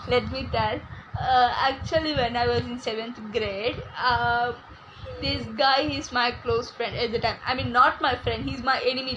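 A woman voicing a young man who quietly tells a story about his school rival. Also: high voice, dull audio, a little hiss or hum.

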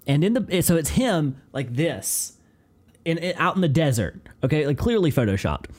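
A man co-hosting a podcast, talking excitedly and swearing casually. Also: fairly high pitch, moderate pace. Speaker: podcast co-host.

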